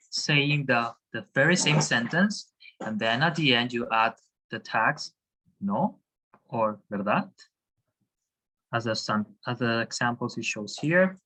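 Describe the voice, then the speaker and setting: A man's voice: medium pitch, bright, forceful tone, low-quality recording. A man teaching a class over a video call, hesitant, with many fillers and restarts. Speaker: Spanish teacher.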